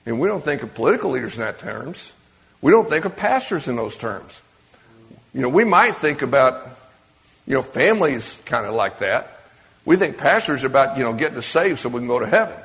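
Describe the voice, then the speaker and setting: Speaking a little fast in a mid-range, fairly bright voice with big pitch swings, a preacher addresses his congregation in a conversational way. He often asks the audience questions, and the church or meeting hall adds a long, large-hall reverb.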